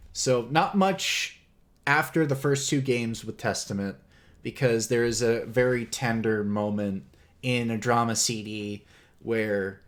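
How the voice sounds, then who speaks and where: Slow, rambling man presenting lore. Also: on the low side. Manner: slow, rambling, many fillers, laughs often. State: clearing his throat. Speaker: host presenting game lore. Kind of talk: casual livestream lecture.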